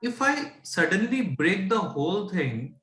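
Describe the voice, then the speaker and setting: A man's voice: high voice, sing-song, measured pace, sharp tone, roomy sound. A man with an Indian English accent patiently teaching fractions, often stopping to check that his student follows. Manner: patient, asks checking questions, mixes English and Hindi. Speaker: tutor. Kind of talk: explaining fractions.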